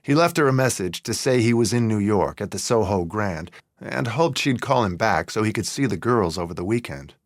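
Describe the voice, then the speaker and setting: A man reading a novel as an audiobook narrator in a calm, measured way. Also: fairly low pitch, dry recording, studio quality. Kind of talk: scripted narration.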